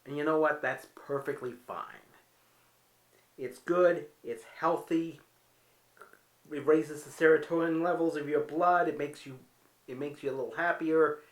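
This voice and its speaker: A man's voice: fairly high pitch, steady tone, a little slow, long pauses. Wry, candid man in a roomy room. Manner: wry, candid, self-mocking humor. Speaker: vlogger. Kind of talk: casual home vlog storytelling.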